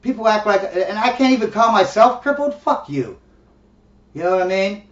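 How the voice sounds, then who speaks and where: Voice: medium pitch, animated, normal speed. A vlogger in a blunt, profane, mocking rant, often laughing. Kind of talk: ranting monologue. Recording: distant, roomy, dull lo-fi sound.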